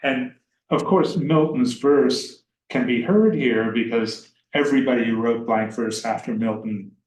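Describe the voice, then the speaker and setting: A man giving a measured public talk on poetry, slowing down to read verse lines aloud. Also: mid-range voice, darkish tone. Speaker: poet giving a lecture. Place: lecture room. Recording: roomy hall sound, faint background noise.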